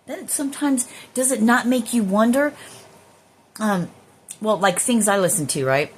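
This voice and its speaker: A woman's voice: lowish voice, measured pace, a little hiss or hum. A woman vlogging at home, musing casually on spiritual ideas in a rambling way and swearing freely.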